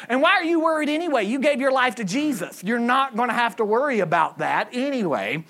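Lively, bright-voiced pastor preaching. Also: medium pitch, brisk, hardly any pauses. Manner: humorous, acts out quoted voices. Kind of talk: sermon. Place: church service with a congregation.

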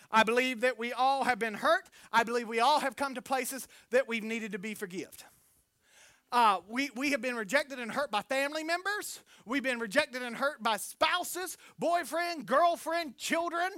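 A man preaching a sermon, telling lively stories and breaking into loud acted-out quotes. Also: very high-pitched, normal speed, dry recording, clean studio sound. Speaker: pastor.

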